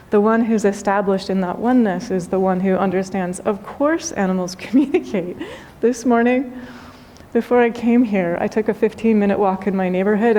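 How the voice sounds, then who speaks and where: A woman, a spiritual teacher, giving a gentle, unhurried talk with storytelling and soft emphasis. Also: mid-range voice. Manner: gentle, unhurried, softly emphatic, with light laughs. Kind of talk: spoken dharma talk with storytelling.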